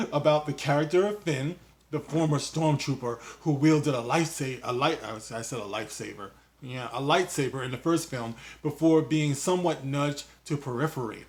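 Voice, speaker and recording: Guy doing a heated commentary vlog, talks straight at the person he's ranting about, voice a bit on the high side. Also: normal speed. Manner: heated, addresses his subject directly; reads an article aloud and riffs on it. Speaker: YouTube commentator.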